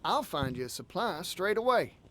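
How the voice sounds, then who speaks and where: An actor voicing a cheerful, folksy traveling merchant with a Southern American accent in a video game. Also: male voice, sits high, sing-song, moderate pace, a bit bright. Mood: upbeat. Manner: folksy, eager and friendly. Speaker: game character.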